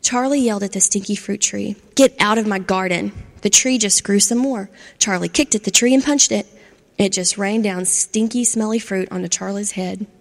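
A woman narrating a children's storybook aloud in an expressive, measured way. Her voice has a gravelly texture, and a long reverb trails behind her words as if she reads in a hall. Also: medium pitch.

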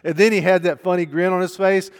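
A middle-aged man preaching a sermon, telling a story conversationally and moving between hushed and loud delivery. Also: high-pitched, fairly even intonation, fast talker, clear, resonant tone. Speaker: pastor. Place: church sanctuary. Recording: long church hall reverb.

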